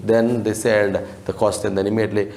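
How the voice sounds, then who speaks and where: A man's voice: lowish voice, level tone, a little fast, a little mellow. Man explaining a story in an echoey room. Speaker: English teacher. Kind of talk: explaining a classic novel while acting out the lines.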